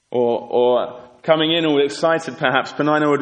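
A man's voice: a little high, moderate pace, few pauses, a bit bright. A man preaching a sermon in an earnest, exhorting way, asking rhetorical questions. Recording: echoey hall with long reverb.

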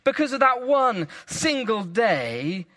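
Guy preaching a sermon, slow and deliberate, big swells then hushed bits, high bright voice. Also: sing-song. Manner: dramatic, swelling emphasis with hushed low phrases.

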